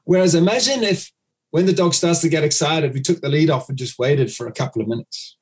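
A man's voice: a little high, fairly quick. A man, a dog trainer, explaining his method in an interview, acting out owners' commands.

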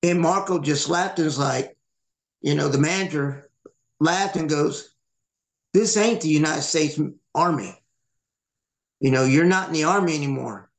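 A man's voice: on the high side, unhurried, long pauses. A man hosting a podcast, casually telling a long story, swearing and acting out the people he quotes. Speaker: podcast host. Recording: echoey room.

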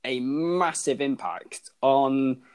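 A man's voice: mid-range voice, slow, darkish tone, smooth. A man co-hosts a podcast and talks in a loose, conversational way. He often circles back with "you know" and starts his sentences over. He sounds easygoing rather than polished. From Britain. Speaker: podcast co-host. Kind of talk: casual chat.

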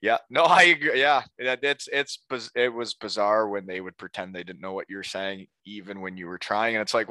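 A man's voice: on the low side, moderate pace, hardly any pauses, bright, forceful tone, no room sound. A middle-aged man hosting a casual chat, joking and talkative, close to a mic. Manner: joking, chatty. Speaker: podcast host. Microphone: studio mic.

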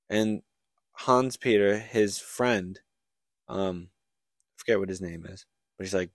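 Low-voiced young man retelling a story. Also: steady tone, drawn-out words, pauses often, no room sound, studio quality. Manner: rambling storyteller, many likes and restarts. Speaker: podcast co-host. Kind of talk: casual book recap chat.

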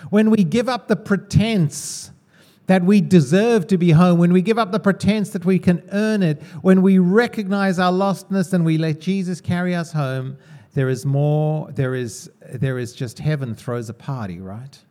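Male preacher, high voice, conversational, quizzes the room. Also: moderate pace, mellow. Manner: conversational, asks the congregation questions. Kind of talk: sermon.

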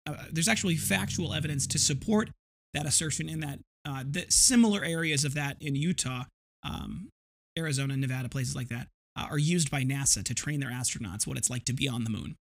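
A podcast host in his thirties tells a vivid, rambling story as a casual monologue, restarting frequently. His voice is fairly high, brisk and a bit bright, with vocal fry.

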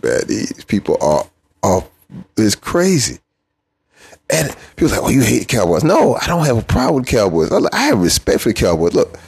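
A man's voice: sits low, gravelly, a little mellow, husky. A middle-aged man hosting a podcast, ranting casually and teasingly about football rivals, laughing often and trailing off into mumbles. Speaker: podcast host. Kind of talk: casual sports rant.

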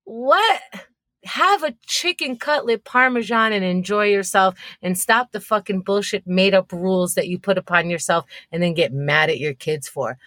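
A woman's voice: fairly low pitch, steady tone, moderate pace, few pauses, no echo, studio quality. A woman co-hosting a podcast, telling frank stories with sarcastic, profane asides. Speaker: podcast co-host. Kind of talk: casual podcast chat.

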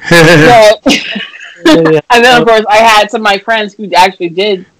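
A man's voice: high-pitched, a little slow, a bit bright, dry recording, low-quality recording. A man chatting casually on a podcast, sassy and profane, teasing playfully. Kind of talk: casual chat.

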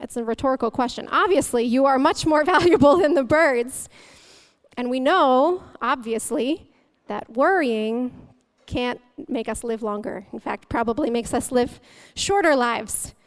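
Bright, clear-voiced woman preaching. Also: high voice, a little slow. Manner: chatty and humorous, laughing often. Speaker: guest speaker. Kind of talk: conversational sermon.

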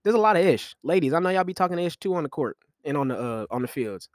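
A young man hosting a podcast, talking sports in loose, slangy, animated commentary with frequent laughs. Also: on the high side, quick pace, dry recording, clean studio sound. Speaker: podcast host. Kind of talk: casual commentary.

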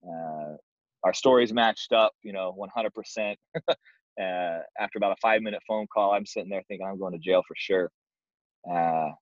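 A man's voice: low voice, dry recording. A young man casually telling a self-deprecating story as a guest, easygoing and plain-spoken. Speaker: guest, door-to-door sales manager. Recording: dull, dry lo-fi sound.

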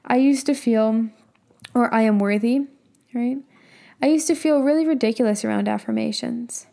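A woman's voice: on the high side, moderate pace, gravelly, warm tone. A young adult woman, a business and mindset coach, giving a casual motivational talk full of emphatic rhetorical questions and the odd swear word.

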